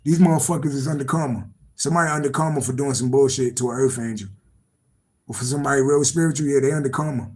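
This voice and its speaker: A man's voice: medium pitch, steady tone, quick pace, darkish tone, poor audio. Rambling man reading tarot live. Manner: rambling and repetitive, swears freely, laughs to himself. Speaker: tarot reader.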